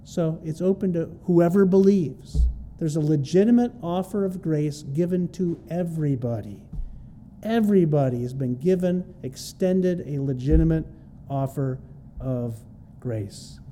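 Warm, mellow-voiced man preaching emphatically. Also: a little high, unhurried, slight background noise. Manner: emphatic, repeats key phrases for stress; plain, conversational teaching with homely comparisons. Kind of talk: expository sermon on a Bible passage.

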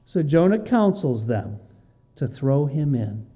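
Bright-voiced man teaching from the Bible. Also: on the high side, takes it slowly. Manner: reads scripture aloud, then explains it with lively asides.

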